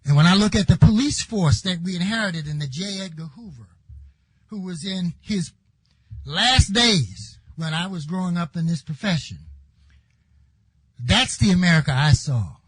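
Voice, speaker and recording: An older man giving an impassioned speech at a conference, building his points and rising to shouts when he stresses them. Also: high voice, lively intonation, moderate pace, breathy edge, no room sound, rough recording. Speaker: conference speaker.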